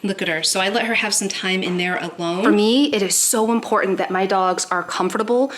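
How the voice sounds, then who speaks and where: A woman's voice: mid-range voice, a little fast, a bit bright. A young woman vlogging at home, casually explaining her dogs' morning care as she works, now and then cooing at her pets. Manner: chatty, explains as she works, baby-talks her dogs. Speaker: pet vlogger. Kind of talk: casual vlog talk while doing chores. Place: home with dogs.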